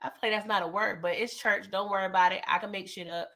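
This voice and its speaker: A woman hosting a casual TV recap and review. She is animated and slangy, and talks straight to her viewers. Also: mid-range voice, fast talker. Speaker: TV recap host.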